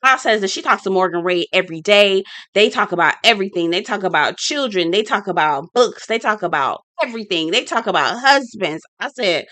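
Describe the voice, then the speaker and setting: A woman's voice: medium pitch, animated, brisk, few pauses, bright, forceful tone, dry recording. A woman giving casual, sassy commentary as a reality TV review vlogger, blunt and swearing freely.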